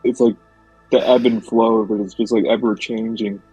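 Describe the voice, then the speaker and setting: A man's voice: fairly low pitch, little pitch movement, normal speed, dark tone, breathy edge, dull audio, faint music behind. A man co-hosting a casual podcast chat, rambling with many fillers.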